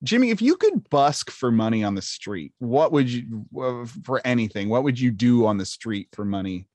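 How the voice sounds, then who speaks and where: A man's voice: medium pitch, sing-song, moderate pace, a little mellow. A young man co-hosting a podcast in playful, jokey casual chat. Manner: playful, jokey, slips into silly put-on voices. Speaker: podcast co-host.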